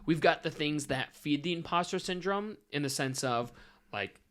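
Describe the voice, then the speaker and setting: A man chatting casually as a podcast guest in a home studio, telling self-deprecating stories with lively energy. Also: on the high side, normal speed. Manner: animated, self-deprecating storyteller.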